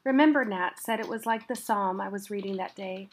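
Woman voicing a gentle, calm older woman. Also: medium pitch, brisk, close to an everyday voice. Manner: gentle and quiet, old-fashioned speech.

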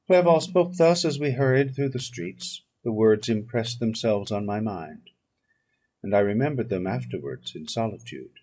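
Husky man reading an audiobook. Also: mid-range voice, expressive, darkish tone. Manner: measured, solemn reading. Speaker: audiobook reader. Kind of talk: audiobook narration.

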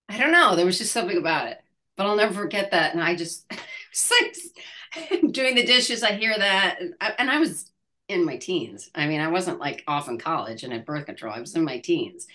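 A woman in her sixties being interviewed, who talks haltingly, hunts for her words and laughs between thoughts. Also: mid-range voice, expressive, bright, forceful tone. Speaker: actress, interview guest. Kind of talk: casual interview chat.

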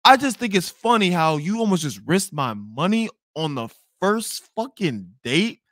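Young male host, lively storyteller, slightly high pitch, bright voice, profane, up-and-down delivery. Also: a little slow, no echo, studio quality. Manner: animated, profane, swings between loud outbursts and mutters. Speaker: podcast host. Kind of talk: storytime monologue.

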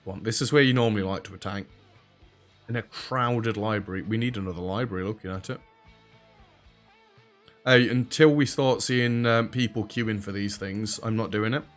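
A man with a lowish voice speaks at normal speed while soft music plays in the background. He delivers casual let's play commentary in an English accent that drops H's and T's. His manner is dry, sarcastic and chatty.

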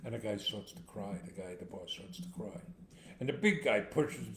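A man's voice: on the low side, animated, fairly quick, fairly bright tone. A man hosting a casual chat who tells jokes and stories in a playful way, acting out the characters. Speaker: host. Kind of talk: casual chat, joke telling. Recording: echoey room with faint background noise.

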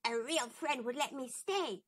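A woman voicing a small persistent talking frog in a storybook, adding croaks to his lines. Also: sits high, measured pace, fairly bright tone, full character voice. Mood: insistent. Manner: croaks "ribbit" between lines.

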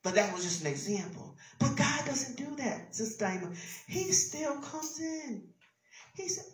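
A woman preaching a sermon with an emphatic, repetitive cadence, swinging between loud exclamations and hushed whispers. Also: medium pitch, very animated, moderate pace. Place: church sanctuary. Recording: roomy church sound from a distance.

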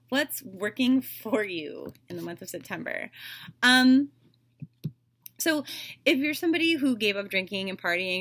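A woman's voice: mid-range voice, a bit bright. A woman giving a casual tarot reading, chatty and loose, with lots of "like" and "um" fillers. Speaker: tarot reader.

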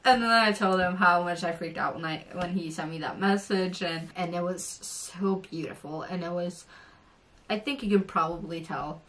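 A young woman vlogger telling an excited storytime, gushing and giggly, tripping over her words. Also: lowish voice, moderate pace. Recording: voice a bit far from the mic.

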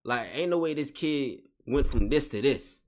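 A man's voice: mid-range voice, lively intonation, normal speed. A man giving a spiritual motivational monologue in casual slangy talk, repeating and restating each phrase with emphasis. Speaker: vlogger.

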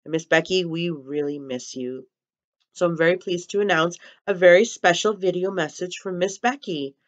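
A woman's voice: on the low side, moderate pace, dull audio. A woman hosting an early-years program, speaking upbeat and directly to young children. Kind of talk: friendly sign-off to young children.

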